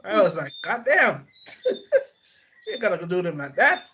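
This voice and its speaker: High-voiced man, animated and laughing. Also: measured pace. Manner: animated, laughing, profane storytelling. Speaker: podcast co-host. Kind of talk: casual chat. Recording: dull lo-fi audio with faint noise.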